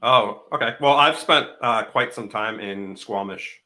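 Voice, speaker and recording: A man hosting a podcast, chatting casually, excitable and quick to laugh. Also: fairly low pitch. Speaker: podcast host. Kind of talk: casual chat.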